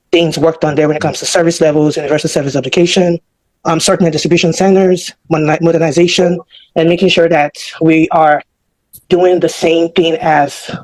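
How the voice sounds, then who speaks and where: Over an online call, a breathless man from a government department rambles through prepared remarks, stumbling with fillers and correcting himself. The voice is higher-pitched and a little mellow, and the recording is dry and low in quality.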